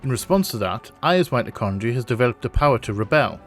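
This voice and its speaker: A man voicing a patient male scientist, explaining things in a measured way. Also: mid-range voice, animated, faint music behind, close to an everyday voice.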